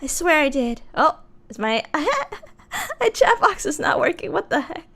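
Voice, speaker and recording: A woman streamer in casual live-stream chat, slightly hoarse, giggling and chatting with her viewers. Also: high-pitched, big pitch swings, moderate pace, fairly bright tone.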